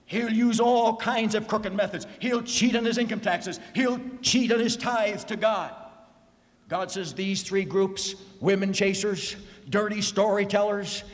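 A man preaching a fiery sermon, swinging between near-shouts and hushed, low lines. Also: fairly even intonation, a little slow. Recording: long hall reverb.

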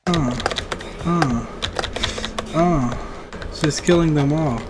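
A woman's voice: sits low, takes it slowly, long pauses. A woman giving casual, mumbled gameplay commentary full of muttered trash talk, recorded at a desk mic. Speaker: gaming video creator. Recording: audible keyboard typing and room noise.

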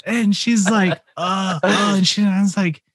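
Young man, fairly high voice, animated storyteller, casual podcast chat, dry close mic. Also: moderate pace, husky, no room sound. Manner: animated storyteller, swears and acts out quotes. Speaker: podcast co-host.

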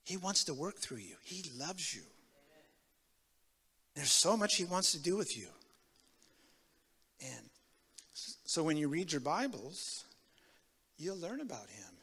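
A man from Tacoma, Washington, giving a sermon with his personal testimony, telling it in an animated way that swings from loud to hushed. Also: fairly high pitch, unhurried, pauses often, breathy edge, long reverb tail. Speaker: guest preacher. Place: church sanctuary.

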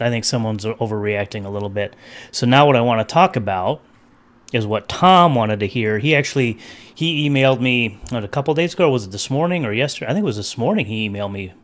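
A man hosting a casual livestream over his webcam, rambling between topics and greeting chat viewers by name. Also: mid-range voice. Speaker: livestream host.

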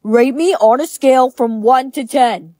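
Tts lady reading as a teen boy crush, flat robotic storytime voice, fairly high, totally dry. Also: measured pace, no room sound. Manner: flat synthetic text-to-speech delivery. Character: teenage boy, lovesick then vengeful. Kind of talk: text-to-speech storytime.

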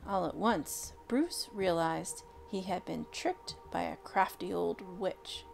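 A woman reading a picture book aloud, expressive and unhurried with dramatic pauses. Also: lowish voice, gravelly, soft background music. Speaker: storyteller. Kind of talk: storybook read-aloud.

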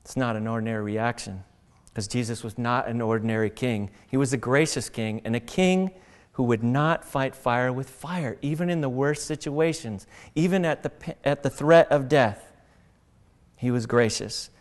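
Male pastor, sermon, reads scripture, animated preaching, middle pitch. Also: normal speed, big-room sound. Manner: animated, acts out mocking voices.

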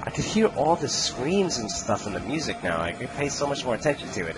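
A man's voice: medium pitch, sing-song, a little fast, over music, rough recording. A man giving casual gaming commentary, joking, laughing and cursing often. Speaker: let's play host.

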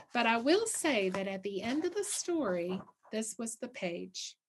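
Brief: middle-aged female literacy teacher, slightly high voice, slow expressive read-aloud with prompting questions. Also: breathy edge. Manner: expressive storybook reading with questions to listeners. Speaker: literacy coordinator. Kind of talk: reading a picture book aloud as a lesson.

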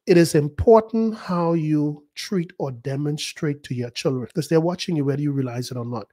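A middle-aged man preaching a sermon as pastor, praying aloud and telling a personal story, swinging between loud and hushed. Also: on the high side, normal speed. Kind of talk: sermon with prayer.

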